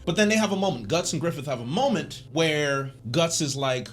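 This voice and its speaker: A man giving a casual commentary recap as a video essayist, animated and joking, with a slangy way of talking. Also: fairly high pitch, brisk, few pauses.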